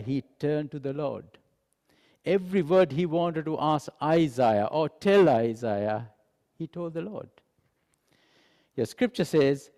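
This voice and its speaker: A man preaching a sermon, animated and acting out dialogue, dropping to a soft voice for emphasis. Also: medium pitch. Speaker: pastor. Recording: long hall reverb.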